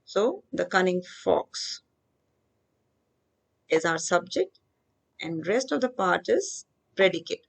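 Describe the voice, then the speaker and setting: Woman going through a grammar worksheet, reads the examples slow then explains them step by step. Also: fairly low pitch, lively intonation, gravelly. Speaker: English grammar teacher. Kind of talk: worksheet walkthrough lesson.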